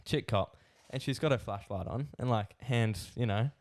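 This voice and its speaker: A man with an Australian accent, a podcast co-host telling a rambling, animated anecdote in casual chat. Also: medium pitch, normal speed. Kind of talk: casual storytelling.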